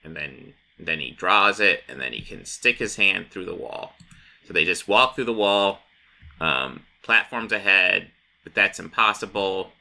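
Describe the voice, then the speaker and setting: Rambling man with gravelly voice. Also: deep voice, unhurried, bright, forceful tone. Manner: rambling with many fillers. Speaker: comic book channel host. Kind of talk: casual comic recap.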